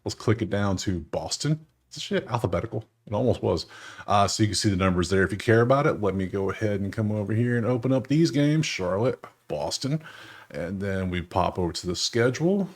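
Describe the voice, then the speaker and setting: A man's voice: lowish voice, expressive, brisk. A man hosting a sports betting channel, talking through games in a loose, joking way and chuckling often. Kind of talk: casual screen-share commentary.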